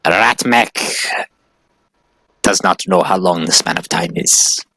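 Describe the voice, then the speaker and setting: A man voicing a blunt, brutish male warrior who speaks of himself in the third person in halting, broken phrases. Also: deep voice, pushed and bright, no room sound, heavily acted, rough recording.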